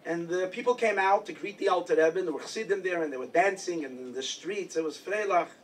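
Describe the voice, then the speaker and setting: A man's voice: high-pitched, fast, recorded from a distance, low-quality recording. A man from New York giving a chatty, humorous Hasidic lecture full of stories, as rabbi and speaker at a congress.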